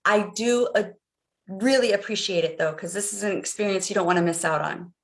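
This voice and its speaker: A woman's voice: medium pitch, a little fast. A middle-aged woman coaching viewers on a live stream, guiding them through a visualization in an earnest, repetitive way. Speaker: life coach.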